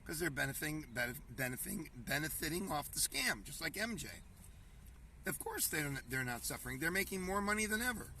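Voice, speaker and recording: Reading headlines aloud and riffing on them, a man hosts a casual, rambling commentary show where he keeps calling viewers folks. His fairly high voice is gravelly, bright and forceful, with lively intonation and a slightly fast pace. The mic is distant, with slight background noise.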